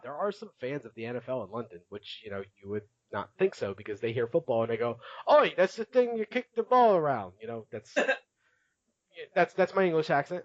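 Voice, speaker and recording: A man's voice: on the high side, dry recording, lo-fi sound. A man hosting a casual podcast, chatty and laughing often as he recaps, with many filler words. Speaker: podcast host.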